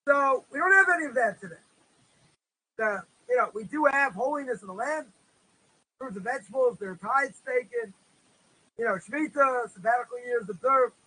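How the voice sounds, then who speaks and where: A man's voice: very high voice, animated, normal speed, pushed and bright, slightly rough, low-quality recording. A man teaching a religious course as a rabbi, in a casual lecture style full of "you know" fillers, who tells stories and acts out their voices. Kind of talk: informal lecture. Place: Israel.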